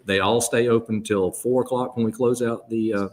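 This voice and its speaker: A man's voice: medium pitch, steady tone, normal speed, darkish tone. A man with a Southern US accent hosting a live radio charity auction as auctioneer, folksy and full of fillers. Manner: folksy, filler-heavy, breaks into auctioneer patter. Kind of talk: live radio broadcast chat.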